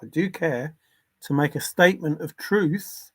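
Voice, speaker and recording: A man with a fairly high voice hosts a casual livestream from home. He talks in an earnest, insistent way and stops to answer viewer comments. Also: a little slow, a bit bright, husky. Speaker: livestream host. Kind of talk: casual livestream talk on religion.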